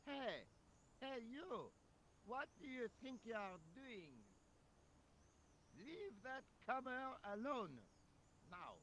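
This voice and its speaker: A self-important French police officer in game dialogue, with a French accent. His voice sits very high and he speaks slowly, savouring every word. Faint outdoor noise hums underneath. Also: sing-song, fairly bright tone, heavily acted. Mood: stern. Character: pompous French male police officer, grandiose.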